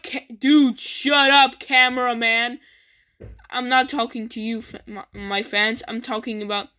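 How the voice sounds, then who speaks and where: A woman rambles through a homemade comedy skit, voicing toy characters off the cuff. Her voice sits somewhat high, and she talks slowly, with plenty of stumbles and restarts. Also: sharp tone. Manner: goofy, rambling, many false starts.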